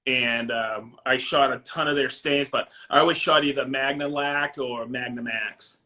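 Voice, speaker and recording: A man's voice: medium pitch, steady tone, normal speed, bright, forceful tone. A man with a Maine accent, a guest chatting casually on a podcast, laughing often and correcting himself as he goes. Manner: chatty, laughs easily, self-interrupting.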